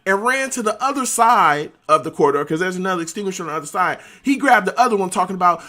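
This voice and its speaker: A man streaming, telling a story in an animated, slangy way and laughing often. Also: high-pitched, fast talker. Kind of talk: casual storytelling.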